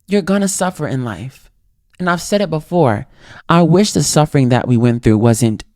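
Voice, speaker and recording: A man hosting his own podcast, giving an earnest, reflective solo motivational talk with lively pitch swings. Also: no echo, studio quality. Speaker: podcast host.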